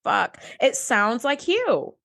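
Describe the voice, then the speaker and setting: A woman co-hosting a podcast, chatting casually with wry comments. Her voice is a bit high. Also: lively intonation, moderate pace, fairly bright tone. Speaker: podcast co-host. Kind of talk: casual recap chat.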